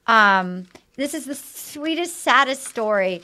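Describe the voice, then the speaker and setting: A woman's voice: sits high, sing-song, moderate pace, bright, forceful tone. A woman hosting a casual chat, animatedly retelling a reality show with frequent laughter and swearing. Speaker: podcast host.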